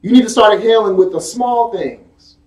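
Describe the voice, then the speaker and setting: High-voiced preacher in an echoey hall. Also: male voice, normal speed, darkish tone. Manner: emphatic call-and-response preaching, casual asides. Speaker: pastor. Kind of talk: sermon with Bible reading. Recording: echoey room, speaker far from the mic.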